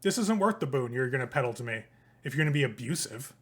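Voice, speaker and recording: A man voicing a brash, boastful young male vampire hustler who talks loudly and swaggers. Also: medium pitch, lively intonation, quick pace, husky. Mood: defiant.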